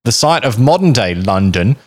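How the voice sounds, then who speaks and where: A man's voice: mid-range voice, very animated, moderate pace. A man hosting a podcast, telling a history story in a casual, joking, rambling way. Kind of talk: casual chat.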